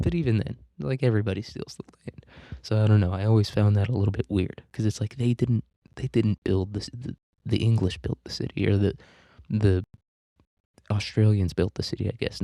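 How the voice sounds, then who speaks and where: A man giving a casual literature lecture in a very dark, mellow voice that sits fairly low. He rambles, jokes crudely and swears freely. The sound is close and dry. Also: steady tone, brisk, no room sound. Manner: rambling, crude and joking, with profanity. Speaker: podcast host teaching literature.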